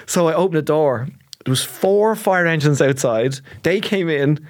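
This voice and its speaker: A man in his forties with an Irish accent, a comedian telling an animated story in casual chat and acting out the voices. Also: fairly high pitch, moderate pace, no echo, studio quality. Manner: animated storyteller, acts out voices, laughs a lot. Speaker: podcast guest, comedian.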